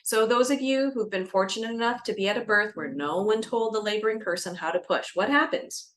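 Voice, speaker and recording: A woman doula explaining birth practice to camera, lively and expressive, acting out scenes and dropping into a soft calm voice. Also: mid-range voice, a little fast. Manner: animated, acts out scenes with gasps and shifts to a soft calming voice. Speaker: doula educator. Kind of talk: educational talk to camera.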